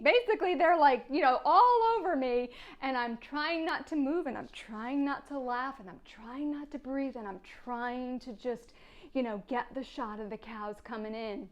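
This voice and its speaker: A woman hosting a gardening vlog, telling a story in a chatty, animated way and laughing often. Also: sits high, highs cut off. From United States. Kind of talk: casual storytelling to camera.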